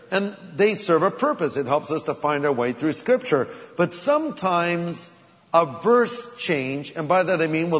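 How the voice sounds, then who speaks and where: A man with a high voice preaches a sermon, shifting between easy conversation and sudden dramatic emphasis. His voice rings with long hall reverb on a dull, lo-fi recording. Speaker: pastor.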